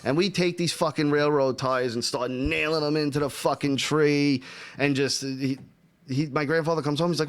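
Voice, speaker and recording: A man's voice: on the high side, moderate pace, no room sound, studio quality. A man casually telling profane stories from his childhood on a podcast. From Texas. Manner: profane, animated storytelling. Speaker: podcast host. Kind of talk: casual storytelling chat.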